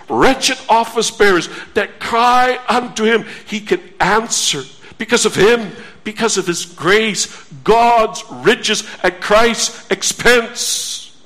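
A male preacher with a very high voice, delivering a sermon at a slow, deliberate pace. He asks earnest rhetorical questions and reads scripture aloud. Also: a bit bright.

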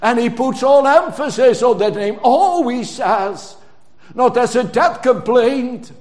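A man preaching a sermon in English, stressing words strongly and drawing phrases out. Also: very high voice. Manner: emphatic, drawn-out preaching with sudden loud stresses. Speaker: pastor.

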